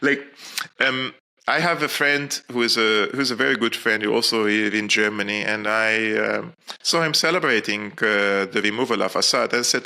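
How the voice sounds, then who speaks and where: A man from Syria, a guest in a casual interview, talking in an animated, rambling way. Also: medium pitch, normal speed. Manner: animated, rambling, laughs at own points. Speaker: guest commentator.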